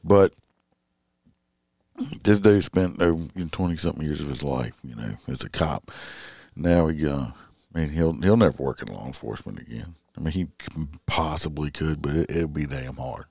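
A man's voice: a bass voice, normal speed, darkish tone, no room sound, studio quality. A middle-aged man, a police officer talking in a casual, rambling late-night monologue full of fillers and restarts.

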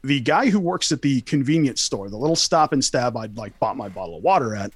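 A man's voice: mid-range voice, lively intonation, fairly quick, husky, no echo. Young male host, casual story, swears a lot, very dry close sound. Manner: rambling, profane, lots of fillers and restarts.

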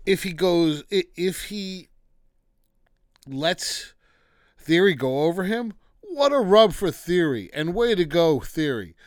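A man's voice: fairly high pitch, clear, resonant tone, dry recording, studio quality. A man hosting a casual wrestling recap, ranting with exasperated, dismissive asides.

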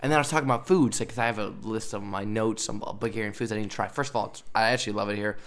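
A man's voice: lowish voice, steady tone, rapid-fire, a bit bright. Hyped young guy hosting a podcast, rambly and laughing a lot. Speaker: podcast host. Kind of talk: casual podcast chat.

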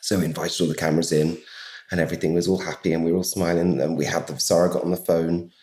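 A chatty man with a low voice, telling anecdotes as a podcast guest. His voice rings with a roomy echo. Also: level tone, quick pace, a little mellow. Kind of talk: casual storytelling.

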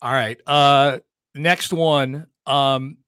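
A man hosting a sports talk podcast, chatty and energetic, talking quickly about football. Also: medium pitch, clear, resonant tone, no echo, studio quality. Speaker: podcast host.

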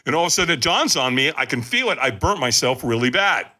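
Speaking fast in a mid-range voice, this podcast guest recounts a story with animated emphasis and frequently addresses the audience directly.

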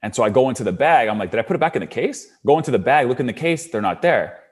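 A man's voice: mid-range voice, lively intonation, racing, breathy edge. A young adult man casually telling a long personal story, with lots of "like" fillers and his voice rising when he gets worked up. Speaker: storyteller guest.

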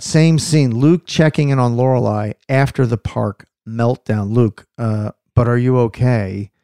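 A man's voice: medium pitch, a little mellow, no room sound. A man hosting a casual podcast chat, dry and stubborn in his banter. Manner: dry, stubborn, rejecting picks. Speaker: podcast host.

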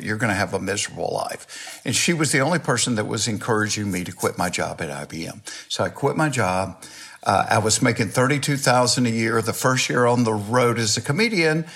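Folksy older Southern US man. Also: medium pitch. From Georgia, US. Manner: folksy, animated anecdotes with self-mocking humor. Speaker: guest comedian. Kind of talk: storytelling interview chat.

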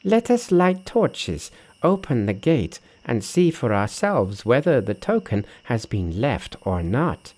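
A man reading an audiobook who voices a solemn male monk disciple, speaking slowly in a moralizing way. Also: mid-range voice, sing-song, darkish tone, voice pushed down. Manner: slow and moralizing.

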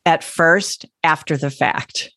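A woman working as a parenting coach, explaining calmly and gently in a casual talk. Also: sits low, slow pace, dry recording.

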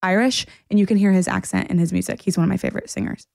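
A woman's voice: mid-range voice, fairly even intonation, racing, creaky, a little mellow, no room sound, clean studio sound. A woman co-hosting a podcast in casual chat, musing thoughtfully and easily. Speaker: podcast co-host.

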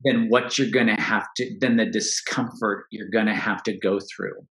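Here the coach's voice sits fairly low and bright-ish, with fairly even intonation at normal speed. The middle-aged man reflects earnestly in an interview, often starting his sentences over, captured with roomy echo.

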